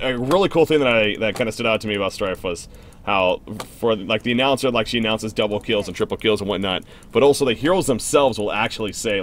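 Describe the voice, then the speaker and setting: A man's voice: lowish voice, a little hiss or hum. A young man hosting a game stream, commenting on his own play and answering viewer questions in a chatty, rambling way. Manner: excitable, reacts loudly to plays, chatty and rambling. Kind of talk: live gameplay commentary and viewer Q&A.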